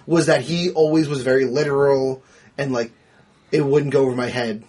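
A man co-hosting a casual movie discussion, animated and quick to act out scenes. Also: mid-range voice, breathy edge. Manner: animated, swearing, acts out scenes. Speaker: podcast co-host.

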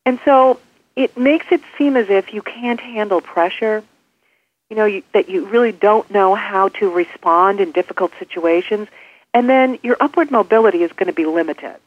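A woman's voice: medium pitch, moderate pace, no echo. A woman author interviewed by phone, giving practical advice in numbered steps. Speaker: author and guest expert. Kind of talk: interview on a call-in line. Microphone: telephone. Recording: tinny phone line.

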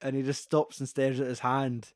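A man's voice: mid-range voice, flat delivery, moderate pace, darkish tone, no echo. A Scottish man chatting casually about a film, retelling scenes with lots of swearing and putting on the characters' voices.

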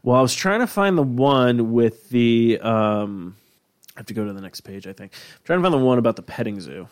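A man's voice: mid-range voice, expressive, a little fast. A man co-hosting a casual podcast chat, rambling, laughing and swearing freely. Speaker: podcast co-host.

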